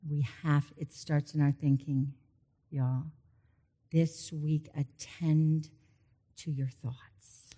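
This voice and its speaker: A woman's voice: sits low, takes it slowly, pauses often. Chatty middle-aged woman preaching. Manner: chatty, animated asides and personal stories. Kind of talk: conversational sermon.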